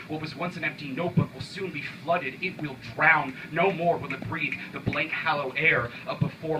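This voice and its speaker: A young man performing an intense, rhythmic spoken word poem at a coffee shop open mic, swinging from quiet lines to sudden shouts. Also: a little high, distant mic, background noise.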